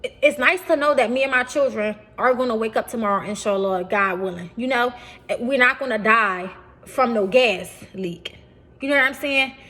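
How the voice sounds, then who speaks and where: A woman's voice: a little high, moderate pace, bright, forceful tone. A young adult woman, talking casually and animatedly to her viewers, repeating phrases and calling them y'all. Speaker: vlogger. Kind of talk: casual talk to camera.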